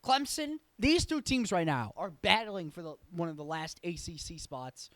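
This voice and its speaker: A man talking sports in a casual, rambling way, firing off blunt opinions and correcting himself as he goes. His voice sits a little higher than most men's. The sound is dry and close, with no room echo. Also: animated, normal speed, a bit bright. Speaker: sports show host.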